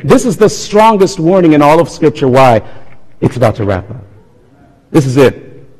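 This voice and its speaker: A man's voice: mid-range voice, animated, moderate pace. Man preaching with a long hall echo. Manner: dramatic preaching, swinging between loud appeals and hushed tones. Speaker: pastor. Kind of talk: sermon. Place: church sanctuary. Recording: long reverb of a large hall.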